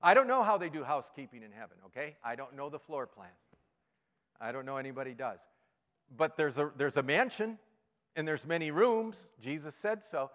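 A male pastor giving a sermon, telling a story with sudden swings between loud and hushed delivery. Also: medium pitch, lively intonation, normal speed, pauses often. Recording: long hall reverb.

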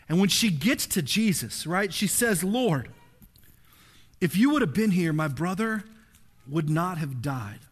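A man preaching a sermon in a conversational, animated way, often checking in with his listeners. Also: on the high side. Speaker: pastor.

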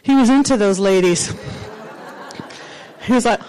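A woman's voice: medium pitch, measured pace, dark tone, clean tone, some chatter behind, poor audio. A woman pastor preaching a sermon in an emphatic, repetitive way, circling back to the same phrases.

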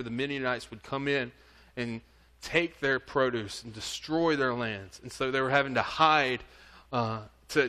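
A man's voice: mid-range voice, fairly bright tone. A man preaching a sermon, reading scripture aloud and earnestly urging his listeners. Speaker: pastor. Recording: audio recording of a church service.

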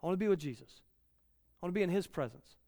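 A man's voice: sits high, expressive, fast, gravelly, mellow, dry recording, studio quality, big-room sound. A man in his thirties preaching a conversational sermon, repeating key lines and rising in volume when he reads scripture.

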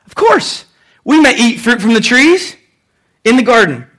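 A man's voice: extremely high pitch, very animated, unhurried, fairly bright tone, voice pushed up, exaggerated voice. A man voicing a confident young woman who answers firmly and insistently. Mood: sure.

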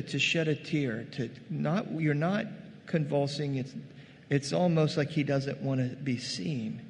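Man preaching, gets loud and worked up, voice on the high side, long reverb and faint room hum. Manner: animated, acts out voices in quotes, rises to loud bursts. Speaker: pastor. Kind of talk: sermon.

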